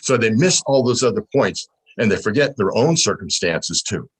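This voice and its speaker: Husky low-voiced man teaching on a call. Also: animated, normal speed, poor audio. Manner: teaching, asks rhetorical questions. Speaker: panel speaker. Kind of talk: explaining in a panel discussion. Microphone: video call.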